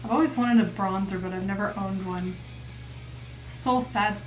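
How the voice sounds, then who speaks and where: Doing her makeup on camera, a young woman vlogger chats in a playful, self-deprecating way at a normal pace and medium pitch. Faint music plays behind her, and the distant mic picks up a roomy echo.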